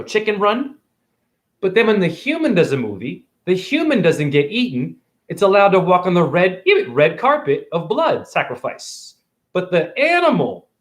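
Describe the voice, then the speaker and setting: A man in his forties rants on a phone livestream, sermonizing to his viewers and peppering them with questions. His voice sits high for a man and leaps and dips all over the place. He is blunt, preachy and happy to swear. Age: 40s. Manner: preachy, combative, swearing, asks the audience questions. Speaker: livestream host. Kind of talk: rambling livestream monologue.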